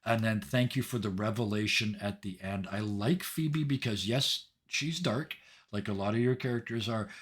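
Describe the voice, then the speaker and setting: A man running a tabletop game, narrating the scene and thanking his players in a chatty, animated way with many fillers. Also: medium pitch, husky. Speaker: game master.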